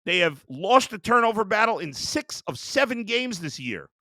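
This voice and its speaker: A man's voice: high-pitched, big pitch swings, normal speed, sharp tone, no room sound, studio quality. A man hosting a sports show, ranting in a heated, exasperated way about his team. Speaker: sports talk host. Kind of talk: sports rant.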